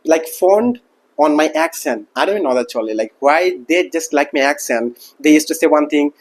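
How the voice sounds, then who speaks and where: A man's voice: fairly high pitch, animated, normal speed. A man who did not grow up speaking English, talking casually to camera as a teacher and packing his speech with fillers like "like" and "you know what". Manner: rambling, heavy use of like and you know what. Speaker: English teacher and channel host.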